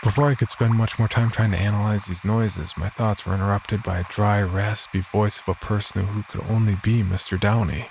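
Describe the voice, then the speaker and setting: A man narrating a first-person horror story in a measured, steady voice. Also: fairly low pitch, gravelly, noisy background.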